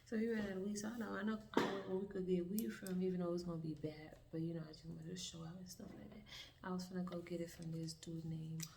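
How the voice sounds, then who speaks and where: A woman's voice: on the low side, steady tone, quick pace, creaky, background noise. A young woman telling a storytime in a laid-back, rambling way, swearing freely and acting out dialogue. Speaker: vlogger. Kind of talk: casual storytime.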